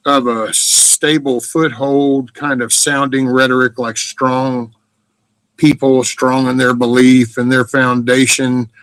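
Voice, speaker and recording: A man's voice: medium pitch, a bit bright, dry recording. A middle-aged man hosts a livestream in a rambling, casual monologue. He is blunt and profane, and his talk wanders and restarts. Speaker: livestream host.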